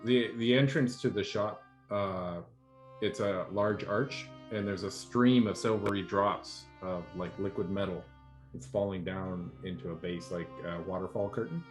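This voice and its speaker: A man's voice: sits low, unhurried, soft background music. A man narrating a tabletop game as game master, describing scenes with frequent fillers.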